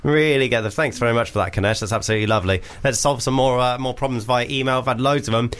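A man's voice: medium pitch, fast, a bit bright, clean tone. Male radio co-host, jokey, reads listener mail with giggles. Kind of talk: comedy radio banter. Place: radio studio.

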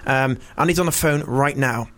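A young man hosting a comic radio show, rambling and joking with an animated manner. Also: medium pitch, moderate pace. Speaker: radio host.

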